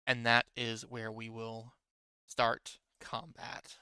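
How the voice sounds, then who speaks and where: A man narrates a tabletop game as its game master, his voice bright and very clear. He talks slowly and loosely, with plenty of ums and restarts. The sound is close and dry. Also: medium pitch, no echo. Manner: relaxed, hesitant narration with many fillers.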